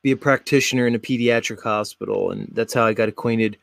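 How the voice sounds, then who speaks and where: A man's voice: fairly low pitch, fairly even intonation, fast, creaky, no room sound. Chatty American man hosting, dry mic. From South Jersey, USA. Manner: rambling, filler-heavy, chatty. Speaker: podcast host. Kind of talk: casual chat.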